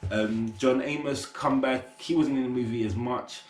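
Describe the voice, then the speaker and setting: A man's voice: medium pitch, fairly even intonation, moderate pace. A young man casually reviewing a movie, rambling with lots of fillers and street slang. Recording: roomy echo.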